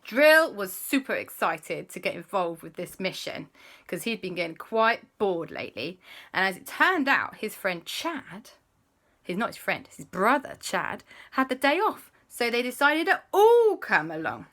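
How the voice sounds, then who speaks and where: A woman telling a made-up story to children, expressive and playful, with chatty asides. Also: medium pitch, a little slow.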